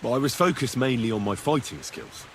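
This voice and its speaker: An earnest young male hero in a medieval video game, asking direct questions with a lively, rising and falling pitch. Faint background noise sits behind his voice. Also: brisk. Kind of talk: studio video game dialogue.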